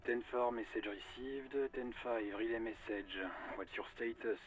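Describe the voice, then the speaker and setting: A woman's voice: rumbling low, fairly even intonation, moderate pace, dull audio, soft background music, voice pushed down. Woman putting on a rattly old radio operator. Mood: clipped. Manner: clipped radio relay code.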